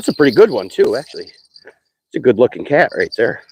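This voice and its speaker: A man casually chatting on a live stream while fishing, excitable and talkative, whooping when thrilled. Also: mid-range voice, brisk, husky, dry recording.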